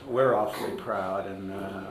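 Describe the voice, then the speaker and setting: A man filming for the archives, chatting in a friendly, halting way full of fillers. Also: low-pitched, fairly even intonation, a little hiss or hum. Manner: hesitant, friendly, many fillers. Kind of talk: casual chat. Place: indoor public building at a dedication. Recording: roomy echoey hall.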